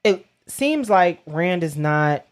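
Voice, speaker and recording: A woman with a somewhat low voice recaps a book chapter for a podcast. She tells the story in an animated, slangy way with playful swearing and lots of "right?" check-ins. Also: slow. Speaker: podcast co-host.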